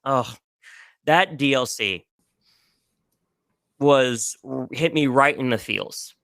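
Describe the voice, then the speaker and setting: On a casual podcast, a male guest talks emotionally about games he loves, gushing and restarting his sentences often. His voice sits at a medium pitch with a sharp tone, and the recording is dry.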